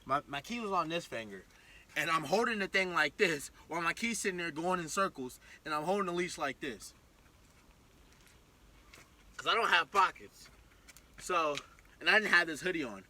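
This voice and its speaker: A young man telling a storytime vlog in an excitable, slangy way, acting out the scene as he goes. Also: a little high, moderate pace, pauses often. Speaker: vlogger. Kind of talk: animated storytime.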